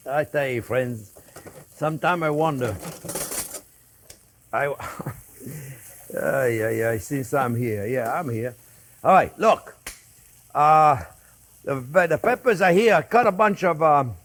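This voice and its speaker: Chatty older French-accented chef. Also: male voice, fairly high pitch. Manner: chatty, jokey, talks to viewers as friends. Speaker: cooking show host. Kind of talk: casual cooking demonstration. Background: sizzling pan in a kitchen.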